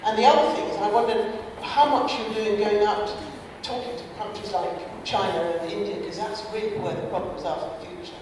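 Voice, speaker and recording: A woman's voice: medium pitch, steady tone, a little fast, hardly any pauses. A woman from the audience asking a speaker a question, hesitant, with many fillers and restarts. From England. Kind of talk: question from the floor. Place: large indoor hall. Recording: echoey hall from far off, hiss.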